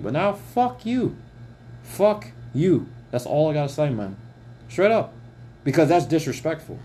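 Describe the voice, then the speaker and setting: Speaking straight to his audience, this man in his twenties rants heatedly on a podcast, cursing often. His voice sits a little high and a little mellow, with a faint hiss or hum on the recording.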